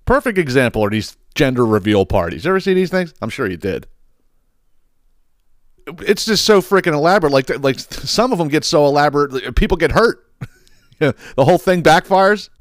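Profane, animated man ranting. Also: on the high side, fairly quick, dry recording, clean studio sound. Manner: profane, animated, laughs at his own stories. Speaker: podcast host. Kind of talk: casual comedic rant.

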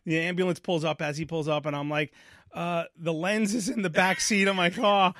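Animated New man telling a story. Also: high voice, moderate pace, no room sound, studio quality. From New York. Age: 40s. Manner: animated, acts out voices in his story, repeats himself. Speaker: podcast host. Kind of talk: casual storytelling chat.

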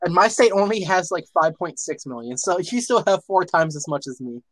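A man's voice: high-pitched, animated, brisk, no echo, rough recording. Earnest rambling guy from Minnesota. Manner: earnest, rambling, many restarts. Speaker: chat participant. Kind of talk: casual online voice chat.

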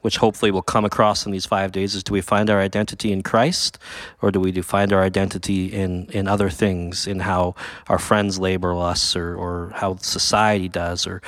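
A man who is a guest pastor, talking earnestly and haltingly, often restarting his phrases. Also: low-pitched, little pitch movement, fairly bright tone, no echo, clean studio sound. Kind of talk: reflective conversation.

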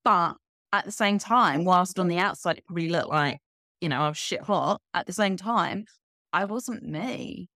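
A woman in her thirties talks in a candid, energetic way, laughing easily as a podcast guest. Her voice sits a little low for a woman. The recording is dry and close, with no room sound. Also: moderate pace, dry recording. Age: 30s. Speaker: guest coach. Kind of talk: casual podcast conversation.

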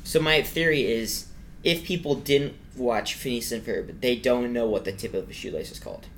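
A man's voice: medium pitch, normal speed, fairly bright tone, a little hiss or hum. A young man co-hosting a casual podcast chat, rambling and trailing off mid-sentence. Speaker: podcast co-host.

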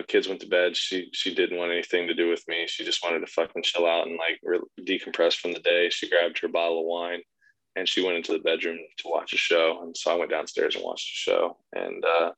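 A man in his thirties with a very low voice chats as a podcast guest. He tells crude, self-deprecating stories about family life, swearing freely in a relaxed, easygoing way. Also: rough recording. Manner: profane storytelling, self-mocking humor. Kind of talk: casual chat.

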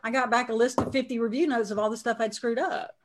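A woman's voice: on the high side, fairly even intonation, fast, over a noisy crowd. A middle-aged woman with a Southern US accent, telling her career story on a podcast in a frank, self-deprecating way. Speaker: podcast guest. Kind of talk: casual storytelling chat.

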